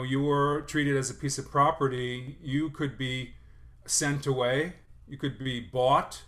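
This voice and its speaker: Man, lecturer, academic presentation, thoughtful, halting with fillers and restarts, middle pitch. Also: a bit bright. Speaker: lecturer on sailor songs.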